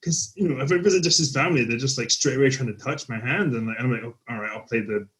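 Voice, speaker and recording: A man's voice: medium pitch, quick pace, fairly bright tone. A man from the UK, a podcast guest, talking casually and reflectively about family, often trailing off. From United Kingdom.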